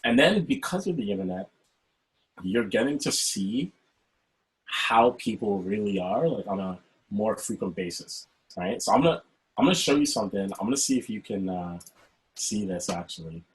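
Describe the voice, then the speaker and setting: A man with a fairly low voice hosts a casual conversation over a video call. He talks in an animated, expressive way. He keeps checking in with his listener by asking "right?". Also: moderate pace, low-quality recording. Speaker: host. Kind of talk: casual chat.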